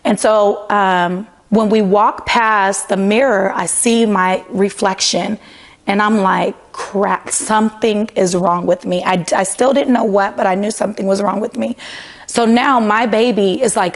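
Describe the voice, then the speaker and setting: A woman's voice: mid-range voice, moderate pace. Woman in her thirties telling her story. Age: 30s. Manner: conversational, frequent "like" fillers, quotes her own past words. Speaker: interview guest. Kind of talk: personal storytelling.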